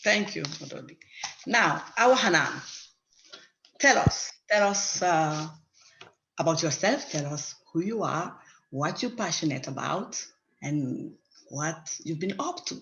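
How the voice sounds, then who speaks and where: A woman's voice: low-pitched, expressive, slow pace, creaky, a bit bright, slight background noise. A woman moderating an online panel over a video call, repeating her thanks and introducing each speaker with animation. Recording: muffled video call audio.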